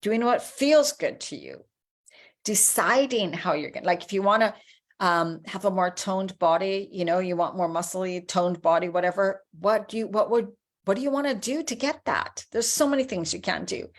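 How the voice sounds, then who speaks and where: A woman's voice: medium pitch, normal speed. A woman, around her forties, giving an encouraging, conversational motivational talk as a life coach. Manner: encouraging, conversational, acts out inner voices.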